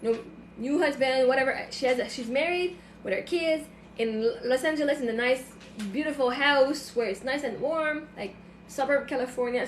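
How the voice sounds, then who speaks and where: High-voiced woman on a phone livestream. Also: roomy sound, slight background noise. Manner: emotional, rambling, with many restarts and fillers. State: tearful at times. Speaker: livestream host. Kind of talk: casual late-night livestream chat.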